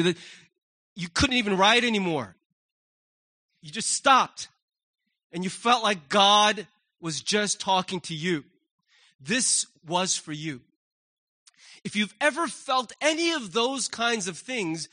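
Animated bright-voiced male preacher. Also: high-pitched, a little slow. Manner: animated, acts out quoted voices. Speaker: pastor. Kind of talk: sermon. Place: church sanctuary.

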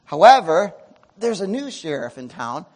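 A man preaching a sermon to a congregation, animated, with loud emotional peaks and quiet asides. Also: sits high, normal speed. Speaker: pastor. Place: church sanctuary before a congregation.

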